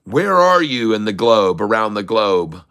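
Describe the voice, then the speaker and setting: A man's voice: fairly low pitch, very animated, a little slow, fairly bright tone, smooth. A middle-aged man hosting a live day-trading stream, upbeat, greeting viewers and reading out their chat messages. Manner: upbeat, reads out viewer comments, hypes the audience. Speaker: day-trading livestream host.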